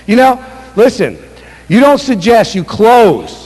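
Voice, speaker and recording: High-voiced man teaching sales in a reverberant hall. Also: sing-song, takes it slowly, a little mellow. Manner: emphatic, repetitive, acts out sample sales calls. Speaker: sales trainer. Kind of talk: motivational sales seminar talk. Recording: echoey hall with long reverb.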